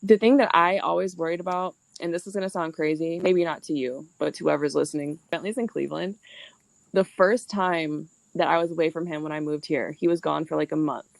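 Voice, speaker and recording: A young woman hosting a casual chat, blunt and quick to laugh, swearing freely as she talks. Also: sits low, fairly even intonation, gravelly, no echo. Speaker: podcast host.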